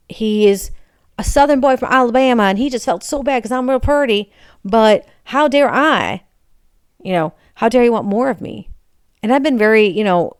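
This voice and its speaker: A woman from Michigan, USA, hosts her own podcast in a casual personal monologue, sounding candid, frustrated, confessional, and emotionally raw. Her medium-pitched voice is clean, recorded in clean studio sound with no room sound.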